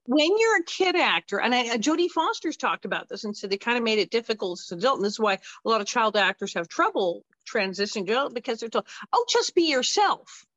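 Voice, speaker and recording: A middle-aged woman, a former child actress, telling lively anecdotes as an interview guest and acting out the voices she quotes. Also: a little high, quick pace, few pauses, no room sound. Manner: animated, acts out quoted voices. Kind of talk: anecdotal storytelling. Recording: dull lo-fi sound.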